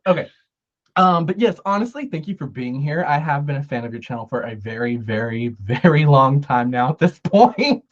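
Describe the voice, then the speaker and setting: A man's voice: fairly high pitch, animated, moderate pace, highs cut off. Giggly, effusive male podcast host. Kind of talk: casual interview chat.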